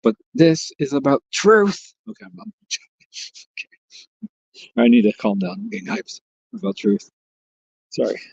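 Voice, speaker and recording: A man's voice: medium pitch, big pitch swings, normal speed, vocal fry, pauses often, a little mellow, breathy edge, no echo, muffled recording. A man hosting a livestream, chatting casually and joking as he rambles and reads out viewer comments. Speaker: livestream host.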